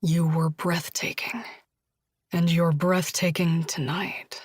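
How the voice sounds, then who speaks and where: A woman doing a husky young man murmuring to his lover, low and intimate, flat and even in tone, in a dry, close audiobook reading. He stays tender and teasing and sometimes falls to a whisper. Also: measured pace, no room sound.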